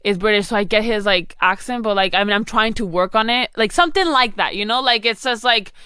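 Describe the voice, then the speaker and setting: A woman's voice: mid-range voice, a little fast, pushed and bright, clean tone, no echo. A young woman hosting a podcast, giving advice in casual chat and rambling with lots of "like" and "you know". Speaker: podcast host.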